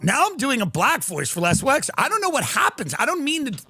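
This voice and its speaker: Animated, sarcastic male livestream host. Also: extremely high pitch, brisk, creaky, husky, no room sound. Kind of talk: comedic livestream rant.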